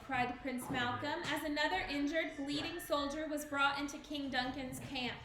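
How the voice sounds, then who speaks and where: A woman reads a storybook aloud to children, clear and expressive. Her voice sits high, the classroom sounds roomy, and a faint hiss runs underneath. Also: moderate pace.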